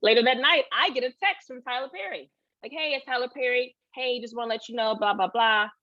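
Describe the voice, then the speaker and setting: A woman actress in a casual interview, telling animated stories, acting out what people said and laughing often. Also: a little high, a little fast, no room sound. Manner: animated storytelling, acts out quoted voices, laughs often. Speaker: actress, guest. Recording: dull lo-fi sound.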